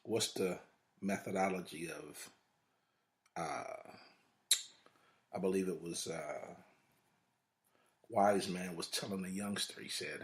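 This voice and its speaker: A man's voice: low-pitched, fairly even intonation, takes it slowly, pauses often. A man hosting a podcast, giving a motivational talk in a preacher-like way, with long repeated lists and rhetorical questions. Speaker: podcast host.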